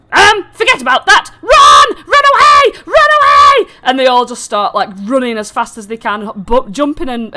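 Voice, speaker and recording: A woman's voice: medium pitch, a bit bright. A woman running a tabletop fantasy game, narrating in a chatty way with many fillers and restarts. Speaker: dungeon master.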